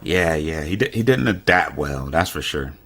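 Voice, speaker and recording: Casual podcast co-host, man, extremely low voice, loose rambling delivery. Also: lively intonation, normal speed, a bit bright. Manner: rambling, many fillers and restarts. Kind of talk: casual sports chat.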